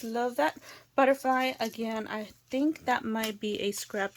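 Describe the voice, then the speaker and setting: A woman's voice: a little high, unhurried. A woman hosting a crafting channel, opening craft mail indoors and gushing over each item as she chats to viewers. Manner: gushing, exclaims often, talks to viewers. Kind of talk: casual unboxing chat.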